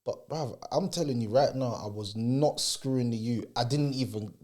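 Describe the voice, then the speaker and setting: A man's voice: medium pitch, normal speed. A man in a casual podcast conversation, telling a story and acting out the people in it. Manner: animated storytelling, acting out the people in his stories. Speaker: podcast co-speaker.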